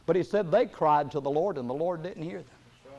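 A man preaching a sermon, reading scripture in a slow cadence and rising to loud emphatic peaks before dropping low and soft. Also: lo-fi sound.

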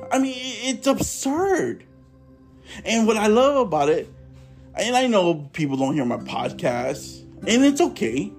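A man hosting his own podcast, giving a fervent, repetitive testimony that swings between emphatic bursts and quiet asides. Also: high-pitched. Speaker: podcast host. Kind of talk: impassioned testimony preaching.

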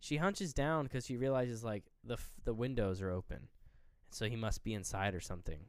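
A man co-hosting a podcast, retelling a horror film with lively, acted-out quotes and casual swearing. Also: lowish voice, moderate pace, clear, resonant tone, dry recording, clean studio sound. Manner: animated retelling, acting out characters' lines; swears freely. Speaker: podcast co-host. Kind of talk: casual movie recap.

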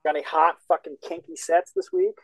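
A man co-hosting a casual comedy podcast, excitable and teasing, swearing often. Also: on the high side, fairly quick, poor audio. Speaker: co-host, comedian. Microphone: remote call. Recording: dry remote call audio.

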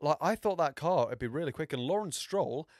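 A man's voice: on the high side, expressive, fairly quick, dry recording, studio quality. Rambling young man on a podcast. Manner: rambling, self-mocking, many fillers and restarts; puts on mock accents. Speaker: podcast host. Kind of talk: casual motorsport podcast chat.

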